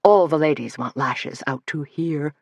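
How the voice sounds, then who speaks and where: A woman's voice: low-pitched, a little slow, no echo, studio quality. A woman narrator voicing a cooing, giddy male hair stylist.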